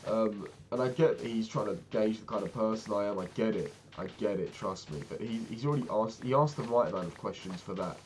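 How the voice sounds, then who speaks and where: A man's voice: lowish voice, a little fast, few pauses, darkish tone, soft background music. A young man casually recounting a frustrating meeting, exasperated and swearing freely as he talks. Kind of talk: casual storytelling rant.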